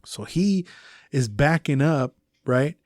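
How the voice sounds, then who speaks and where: A young man co-hosting a casual podcast tells a profane story and acts out what he shouted. His pitch swings widely and sits a bit high. The sound is dry and close. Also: expressive, takes it slowly, dry recording. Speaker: podcast co-host.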